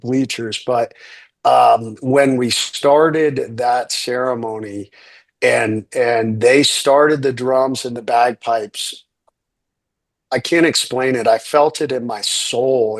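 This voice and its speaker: A middle-aged man looks back on a moving ceremony in an earnest, unhurried voice. He speaks over a video call at an ordinary, middle pitch. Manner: earnest, unhurried, with fillers and restarts. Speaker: guest speaker, military veteran. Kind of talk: casual recollection on a webinar.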